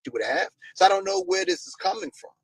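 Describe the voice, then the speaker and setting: A man's gravelly, husky voice, heard in a dry clip from an interview. He speaks as a guest, explaining at length. His talk is full of fillers and restarts, and his pitch swings widely. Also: wildly swooping pitch, fast talker, no room sound, low-quality recording.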